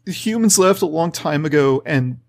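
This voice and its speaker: Timid spirit girl, voiced by a man: stammering, tearful, high. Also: expressive. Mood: sad. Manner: halting, stammering, tearful pleading. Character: lonely, timid female shrine spirit.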